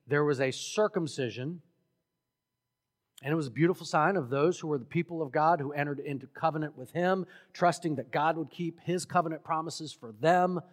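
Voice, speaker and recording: A man preaches in a measured, unhurried sermon, his voice sitting a bit high. He leans hard on key words and swells to loud, emphatic exhortation. The sound rings with the long reverb of a church sanctuary. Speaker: pastor.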